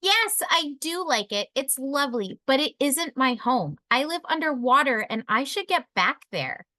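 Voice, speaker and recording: A woman's voice: high voice, sing-song, unhurried, bright, forceful tone, dry recording, clean studio sound, exaggerated voice. A woman voicing a tiny, polite female mermaid-like sea creature in a storybook read-aloud, prim and a little dramatic.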